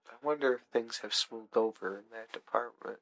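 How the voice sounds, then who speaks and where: A man's voice: medium pitch, a little fast, creaky, fairly bright tone, rough recording. A man in casual chat who teases his friend with short, joking interjections.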